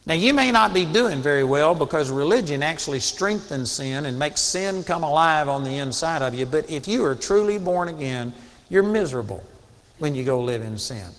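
A man preaching a sermon in an earnest, emphatic way, moving between quiet storytelling and raised exhortation. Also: fairly high pitch, lively intonation, normal speed, big-room sound.

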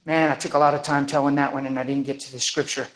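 A man preaching a sermon, telling a story with lively energy and acting out the people in it. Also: medium pitch, quick pace, poor audio. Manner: animated, acts out the people in his stories.

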